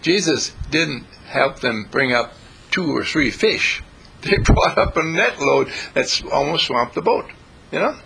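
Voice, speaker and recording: A man's voice: on the high side, animated, measured pace, creaky, pushed and bright, slight background noise, poor audio. A man giving an inspirational spiritual talk in a folksy, repetitive way, chuckling as he preaches. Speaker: spiritual speaker.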